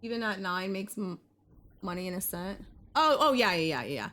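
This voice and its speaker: A young woman live-streaming while she games and chats with her viewers, muttering one moment and breaking into loud outbursts the next, with a cough that keeps coming back. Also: medium pitch, moderate pace. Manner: excitable, swings between muttering and loud outbursts. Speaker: gaming streamer.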